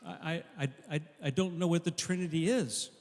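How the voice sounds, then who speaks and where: A man's voice: a little high, fairly even intonation, fairly quick, a little mellow, voice pushed up, lightly acted. A pastor voicing a humble, bewildered man who stammers and admits he does not know the answers. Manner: hesitant stammer. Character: bewildered male thief, humble and unsure. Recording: long echo of a large hall.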